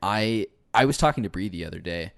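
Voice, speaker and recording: A man's voice: lowish voice, expressive, fairly quick, vocal fry, a bit bright, clear, resonant tone, dry recording. A man co-hosting a gaming podcast, telling rambling stories in casual chat and laughing often. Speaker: podcast co-host.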